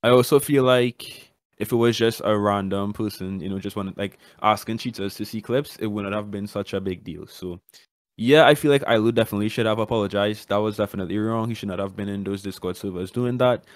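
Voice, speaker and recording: A man's voice: fairly low pitch, fairly even intonation, a little fast, dry recording. A man on a podcast giving his opinion casually, hedging with "I feel like" and restarting phrases. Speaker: podcast co-host.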